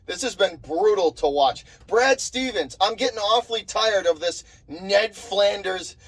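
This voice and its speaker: A man's voice: sits high, animated, unhurried, slightly rough, rough recording. Fired-up man ranting. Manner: angry, exasperated, swears, repeats himself. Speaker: sports vlogger. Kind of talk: fired-up sports rant.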